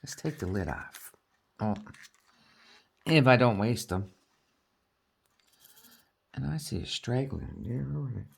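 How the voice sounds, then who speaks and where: A woman's voice: very deep voice, lively intonation, takes it slowly, gravelly, pauses often, a little hiss or hum. A woman from Newfoundland with a Newfoundland accent, chatting casually with her viewers while crafting at home and laughing often. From Newfoundland, Canada. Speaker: crafting vlogger.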